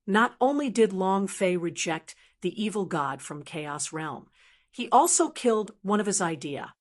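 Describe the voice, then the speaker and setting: A woman reading a fantasy web novel aloud as an audiobook narrator, in an even, unhurried storytelling manner. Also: mid-range voice.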